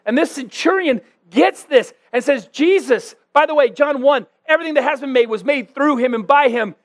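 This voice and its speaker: Male pastor, sermon, high pitch, animated conversational delivery. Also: brisk. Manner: animated, conversational preaching with self-deprecating asides.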